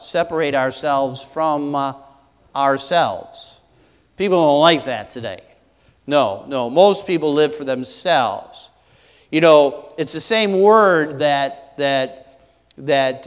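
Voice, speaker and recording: A man preaching a sermon as pastor, halting with many fillers and restarts and asking the congregation rhetorical questions. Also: on the high side, smooth, big-room sound.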